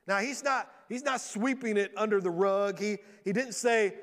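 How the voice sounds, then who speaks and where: A man preaching a sermon from a church stage in a lively storytelling way, often acting out the voices of the people he quotes. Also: sits high, moderate pace. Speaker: pastor. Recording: long reverb of a large hall.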